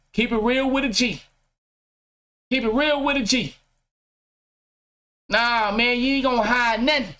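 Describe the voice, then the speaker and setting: Middle-aged man, high voice, casual livestream host, preachy and profane with shouted bursts. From Mississippi, US. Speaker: podcast host. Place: home game room.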